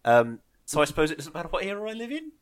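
A man's voice: a little high, huge pitch swings, no room sound. A man chatting casually, rambling and joking at his own expense. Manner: rambling, self-deprecating, quick to joke. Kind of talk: casual group chat.

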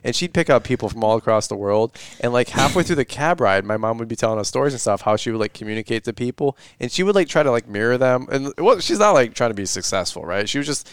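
A man hosting a casual podcast chat, an animated storyteller who laughs often. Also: medium pitch, fast talker, few pauses, smooth, no echo, studio quality.

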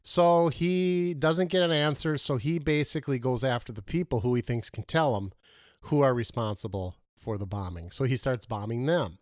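A man's voice: medium pitch, normal speed, no room sound, clean studio sound. A man co-hosting a casual movie review chat, rambling and losing his words mid-sentence.

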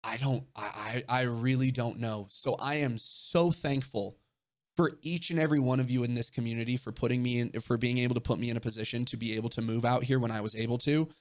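A young man hosting a livestream, answering viewer questions in casual, earnest chat, emotional and swearing casually. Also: medium pitch.

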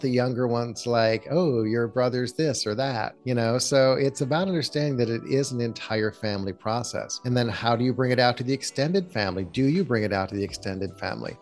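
A man, a therapist, calmly explaining parenting advice as a guest in an interview, posing reflective questions. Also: mid-range voice. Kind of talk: conversational advice in a podcast interview.

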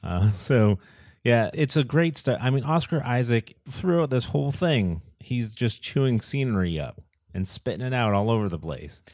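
A man's voice: mid-range voice, expressive, normal speed, darkish tone, no room sound, clean studio sound. A man co-hosting a podcast, chatting in an easygoing, chatty way and laughing often. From United States. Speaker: podcast co-host. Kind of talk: casual chat.

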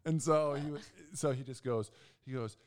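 A man in his thirties co-hosting a casual chat, telling stories animatedly and acting out other people's lines. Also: moderate pace. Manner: animated, acts out quotes in loud, high voices. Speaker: podcast co-host.

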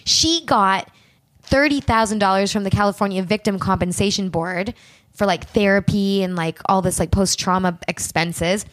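A woman casually telling a true crime story for laughs, animated and acting out the people in it. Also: medium pitch, normal speed. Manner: animated, acts out quoted people with swearing and asides.

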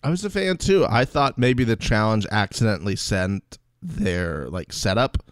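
Animated man, casual podcast chat, mimics voices, dry room. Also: fairly low pitch, normal speed, dry recording. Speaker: podcast co-host.

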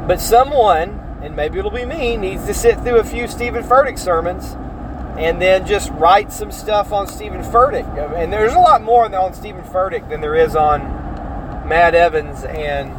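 A man's voice: high voice, normal speed, noisy background. Rambling man with a raised voice. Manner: rambling, self-correcting, mimics other people's voices in quotes. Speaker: podcast host. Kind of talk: casual opinion monologue.

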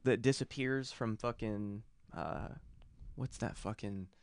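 A man's voice: on the low side, takes it slowly. A young man in casual podcast chat, rambling through a long story with lots of cursing and filler words. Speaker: podcast co-host.

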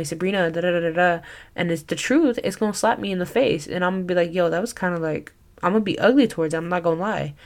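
A woman's voice: fairly low pitch, darkish tone. A young woman giving a casual Christian teaching talk as a podcast host, earnest and chatty, full of "like" and "you know.".

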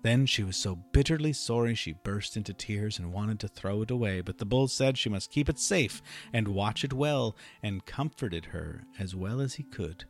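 A male storyteller reading a folk fairy tale aloud in an expressive, measured way. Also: on the low side.

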